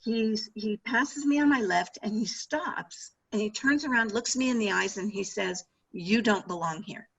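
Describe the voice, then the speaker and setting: A middle-aged woman, an author, telling animated anecdotes in an interview over a video call. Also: fairly high pitch, moderate pace, creaky, hardly any pauses, husky, lo-fi sound. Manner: animated anecdotes with laughter and restarts. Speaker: author and former sportswriter. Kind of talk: storytelling interview answers.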